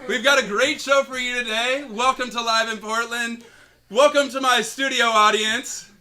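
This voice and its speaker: A man's voice: very high-pitched, fairly even intonation, normal speed, pushed and bright. A man hosting a late-night talk show in a small studio, upbeat and a bit fumbling. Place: small studio with a live audience. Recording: noticeable background noise.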